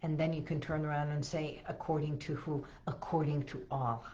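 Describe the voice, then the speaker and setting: A woman hosting a solo wellness podcast, guiding listeners through calming techniques in a soothing, coaching way with emphatic repetitions. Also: deep voice, normal speed, highs cut off. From Los Angeles area, USA. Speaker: podcast host.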